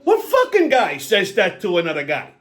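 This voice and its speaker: A man's voice: sits high, wildly swooping pitch, normal speed, a bit bright, soft background music. A middle-aged man hosting his own channel, delivering an exasperated, profanity-filled rant that stumbles over repeated restarts and stammers. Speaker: channel host. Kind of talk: profane ranting monologue.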